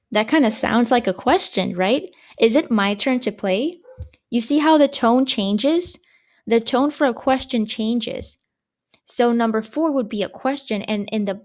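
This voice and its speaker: A woman's voice: fairly high pitch, a little mellow. Patient woman teaching a grammar lesson. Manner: patient, explains slowly with rhetorical questions. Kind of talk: recorded online grammar lesson for children.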